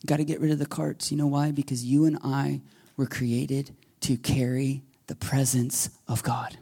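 A man preaching a sermon as pastor, telling a story with lively quoted voices and sometimes dropping to a whisper. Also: mid-range voice, normal speed, vocal fry, husky. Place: church sanctuary.

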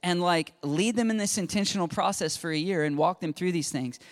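This man in his forties speaks in a high, fairly quick voice, delivering an informal, earnest sermon-style talk about faith and parenting. He's a Christian parenting speaker, lively in manner, and he acts out the quotes he shares.

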